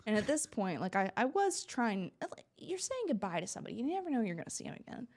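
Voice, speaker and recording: A woman's voice: on the high side, quick pace. A young woman from Florida, a podcast guest, telling stories in casual chat, acting out quoted lines and laughing often. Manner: animated, acts out quoted dialogue, laughs often. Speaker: podcast guest, reality TV contestant.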